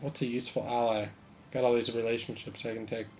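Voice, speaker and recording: A man's voice: mid-range voice, little pitch movement, quick pace, darkish tone, a little hiss or hum. A man casually commenting on a strategy game as he plays, thinking aloud with mild sarcasm. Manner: musing aloud, mildly sarcastic. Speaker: gameplay commentator.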